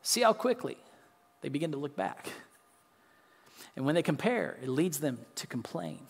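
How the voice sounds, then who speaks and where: A man preaching a sermon, earnest and a bit halting, often restarting and repeating words. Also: fairly high pitch, very animated, creaky, breathy edge, big-room sound. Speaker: pastor.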